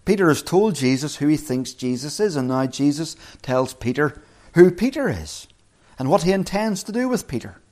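A man's voice: a little high, very animated, darkish tone. Earnest male preacher giving a sermon. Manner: earnest, slows and rises on scripture quotes.

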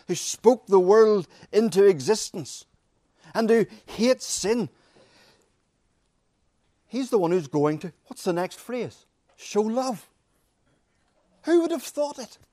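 A man preaching a sermon, with dramatic pauses and emphatic repetition. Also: high-pitched, a little mellow, no room sound, clean studio sound.

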